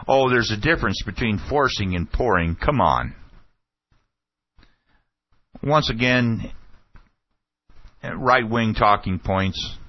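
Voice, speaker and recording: A man hosting a political talk show, retelling an exchange and commenting on it with growing indignation. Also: fairly low pitch. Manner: indignant, acts out the quoted exchanges with rising heat. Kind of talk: opinionated commentary retelling an event. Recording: dull, slightly lo-fi dry sound.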